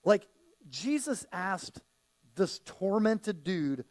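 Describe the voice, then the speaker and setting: Higher-voiced man preaching conversationally. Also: big pitch swings, drawn-out words, darkish tone. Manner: conversational preaching that often acts out quoted voices. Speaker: pastor. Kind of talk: sermon.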